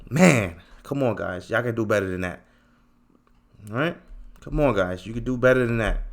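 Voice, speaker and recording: Animated, teasing male trading host. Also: on the low side, moderate pace. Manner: animated and teasing, slangy, repeats himself for emphasis. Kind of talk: casual chart commentary to viewers.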